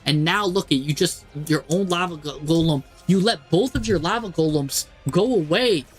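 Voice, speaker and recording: A man streaming live, commentating a card game match and talking to the players on screen in an exasperated, animated way. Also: fairly high pitch, normal speed, slightly rough, faint music behind.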